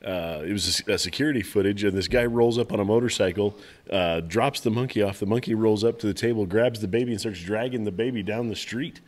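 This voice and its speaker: A man co-hosting a podcast, chatting casually in a lively way. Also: lowish voice, fast talker. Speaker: podcast co-host. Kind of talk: casual chat.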